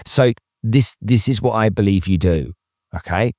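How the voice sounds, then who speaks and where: A man's voice: on the low side, moderate pace, a little mellow, no room sound, studio quality. A man hosting an interview podcast, talking emphatically with many restarts and checking in with "okay?". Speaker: podcast host. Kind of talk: casual interview chat.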